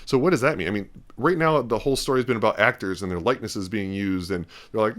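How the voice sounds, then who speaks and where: Guy with a lowish voice on a podcast, rambly and animated, acts out little quotes. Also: fast, few pauses. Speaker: podcast host. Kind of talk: casual talk.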